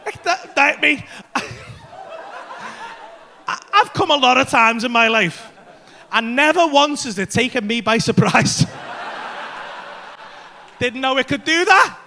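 A man tells a crude stand-up story on a comedy club stage, his voice high and bright. His delivery is animated, breaking into shouted bursts. There is a faint hum of noise behind him. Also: takes it slowly, pauses often.

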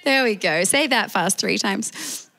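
A woman's voice: medium pitch, lively intonation, a little slow, vocal fry, pushed and bright. A woman with an Australian accent preaching a sermon as pastor, calling out for amens from the congregation. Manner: preaching with call-and-response amens.

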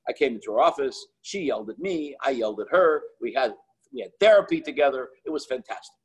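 A middle-aged man, a rabbi, telling stories in an animated way, with many restarts and quoted dialogue. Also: mid-range voice, fast, slightly rough, poor audio. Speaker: Chabad rabbi and author. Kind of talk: storytelling talk.

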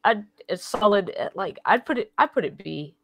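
A woman's voice: mid-range voice, expressive, moderate pace, gravelly. A woman co-hosting a casual panel chat, hesitant and giggly, often trailing off mid-thought. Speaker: co-host.

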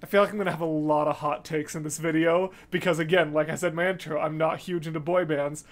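A reaction video host giving casual, excitable commentary, gushing and chatty with fillers, scatting rhythms to make points. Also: medium pitch, fast talker. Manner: scats rhythms to illustrate points.

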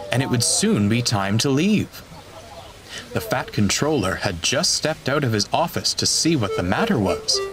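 A man narrating a storybook in a measured, expressive manner. He speaks slowly with a very lively pitch, over loud background music. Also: low-quality recording.

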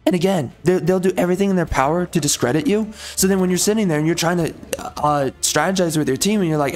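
A man's voice: on the high side, fast, darkish tone, soft background music. A man hosting a gaming channel, ranting in a frustrated, rambling monologue with repeated phrases and mild swearing.

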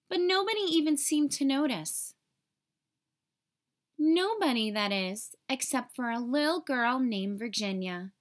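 A woman teacher reading a children's story aloud in an expressive storytelling manner. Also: high-pitched.

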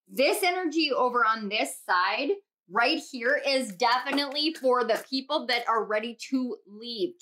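A bubbly young woman talks her viewers through a tarot reading, gushing over the cards. Her voice sits a little high and rings bright and forceful. Her excitement spills over into quick laughs and squeals. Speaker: tarot reader.

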